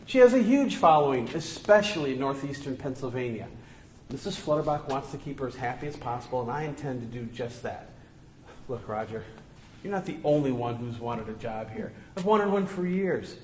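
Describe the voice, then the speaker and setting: A man playing a nervous, desperate stage director with a frantic, excitable manner in a community radio play. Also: medium pitch, brisk, echoey room, distant mic, slight background noise, natural voice. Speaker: theater director. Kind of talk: amateur radio play acting.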